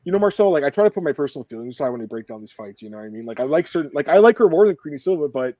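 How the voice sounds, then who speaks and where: A man's voice: fairly high pitch, big pitch swings, racing, dark tone, no room sound. A man hosting a podcast in casual, joking, rambling chat. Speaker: podcast host.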